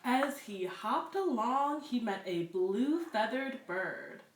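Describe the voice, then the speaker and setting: A woman reading picture books aloud to children at story time, expressive and encouraging. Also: on the high side, slow, recorded from a distance. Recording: roomy echo, away from the mic.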